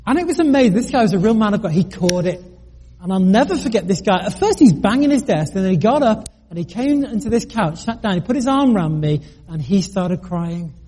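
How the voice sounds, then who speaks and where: Middle-aged male preacher, husky high voice, earnest storyteller with wry asides. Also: animated, fairly quick, darkish tone. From United Kingdom. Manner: earnest, self-deprecating, with joking asides and stammered restarts. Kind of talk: sermon with personal story.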